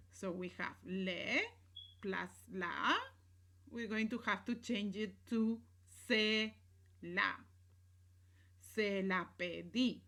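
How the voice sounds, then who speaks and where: This Spanish teacher has a mid-range voice that's bright and clear. Working through a recorded grammar lesson at an unhurried, patient pace, she explains in English, offers example sentences in Spanish, and repeatedly checks her students understand.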